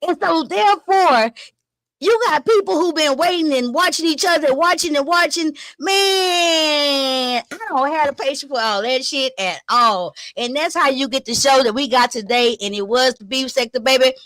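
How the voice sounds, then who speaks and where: A high-pitched woman, hosting a live stream in loose, animated chatter. She swears freely and retells online drama with dramatic flair. Her voice sounds close and dry, with little room around it. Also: moderate pace, no room sound. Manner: animated, profane, dramatic retelling with gasps and laughs. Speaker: YouTube commentary host. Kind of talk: casual live-stream commentary.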